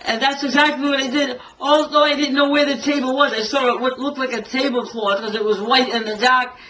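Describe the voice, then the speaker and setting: An older woman tells a story from her early days as a singer, her voice bright and forward. She is a lively storyteller who acts out each quote and laughs often as she goes, with a faint hiss behind her. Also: high-pitched, fairly quick, poor audio. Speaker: singer and Elvis tribute artist. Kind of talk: telling a story in an interview.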